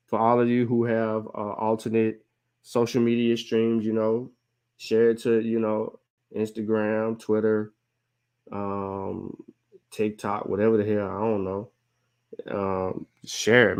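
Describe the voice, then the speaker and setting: A man's voice: on the low side, smooth. A man hosting an online show, talking earnestly in a rambling way with many fillers. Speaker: show host. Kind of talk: casual livestream talk.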